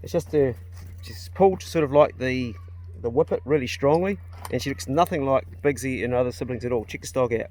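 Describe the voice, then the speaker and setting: A man's voice: mid-range voice, a little fast, a little mellow, slight background noise. A middle-aged man with a New Zealand accent, chatting candidly on a casual vlog, rambling with slang and fillers, filming on a phone. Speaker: vlogger. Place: in a car and outdoors. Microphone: phone held while driving.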